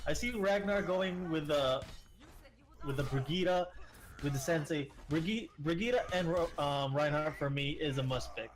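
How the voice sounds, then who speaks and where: A man's voice: a little high, a little slow. A man from the Philippines giving casual, hesitant opinions as an esports co-caster. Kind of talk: esports color commentary.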